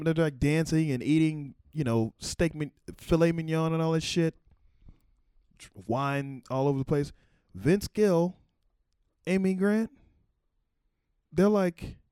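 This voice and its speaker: A man's voice: on the high side, warm tone, smooth, dry recording, clean studio sound. A man telling a loose, rambling story in casual chat, with profanity and laughing asides. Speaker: former White House camera operator.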